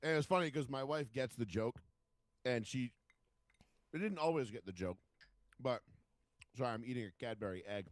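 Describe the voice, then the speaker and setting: A man's voice: medium pitch, animated, moderate pace, pauses often, no echo. A man, telling stories in casual podcast chat and swearing freely. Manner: storytelling, swears freely, acts out quotes. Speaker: podcast co-host.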